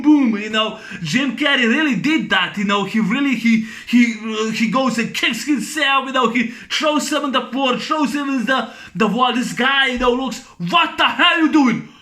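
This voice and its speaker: A man with a high, bright voice talks through a movie review in a loose, casual way. He rambles, leans on fillers and keeps breaking into laughter as he retells scenes. The tone stays crisp and forward throughout. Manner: rambling, full of fillers and "you know".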